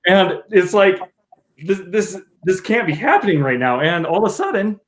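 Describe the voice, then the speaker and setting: A man telling a personal story on a casual podcast, joking and animated, acting out what people said. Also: sits high, moderate pace. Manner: animated, joking storyteller who acts out quotes.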